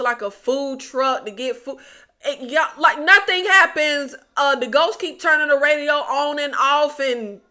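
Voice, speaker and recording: A woman's voice: sits high, pushed and bright, smooth. A woman reviewing films in casual chat, blunt and exasperated, talking straight to her viewers. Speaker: movie reviewer.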